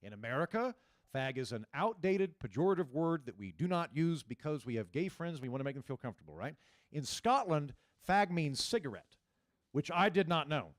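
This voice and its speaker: A man in his forties doing a live stand-up set, talking to the crowd in a loose, halting way with frequent restarts. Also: fairly high pitch, very animated, dry recording, studio quality. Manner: conversational, halting restarts, riffs with audience. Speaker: stand-up comedian.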